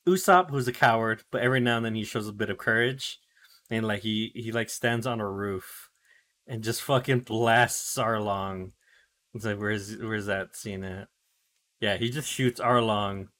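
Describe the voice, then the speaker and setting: A man's voice: fairly low pitch, a little slow, fairly bright tone. A man co-hosting a podcast, retelling anime episodes in loose casual chat full of fillers, swearing and acted-out character lines. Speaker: podcast co-host recapping anime.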